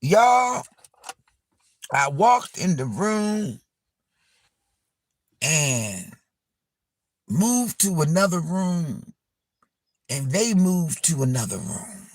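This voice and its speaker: A man hosting a live stream, telling a story in a loose, animated way, repeating himself, swearing, and calling his viewers y'all. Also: fairly high pitch, drawn-out words, pauses often, no echo, studio quality. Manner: animated, repetitive and profane, addressing viewers as y'all. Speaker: livestream host.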